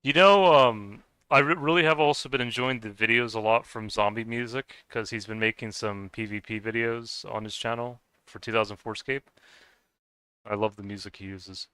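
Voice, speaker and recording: A man's voice: fairly low pitch, fairly even intonation, moderate pace, bright, forceful tone, smooth, no room sound. A man from the United States with a Scottish-sounding accent, chatting casually with a livestream chat and answering questions in a rambling way. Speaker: game streamer.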